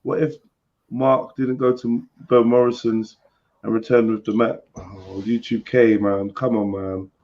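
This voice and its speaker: A man's voice: lowish voice, little pitch movement, unhurried. A man hosting a live stream, chatting casually with laid-back, slangy banter. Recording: slightly dull lo-fi stream audio.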